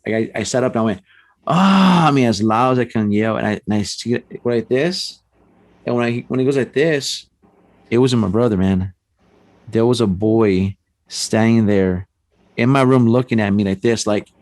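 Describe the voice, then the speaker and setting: A man telling a personal ghost story on a podcast, animated and acting out the voices in his tale. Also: on the low side, dry recording. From San Antonio, Texas. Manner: animated storyteller, acts out quotes, frequent restarts and "man". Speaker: paranormal investigator guest.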